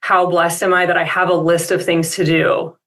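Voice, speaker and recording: A woman's voice: lowish voice, little pitch movement, moderate pace, fairly bright tone, slight background noise. A woman speaking as an expert guest on a coaching call, reflective and upbeat, with many casual fillers.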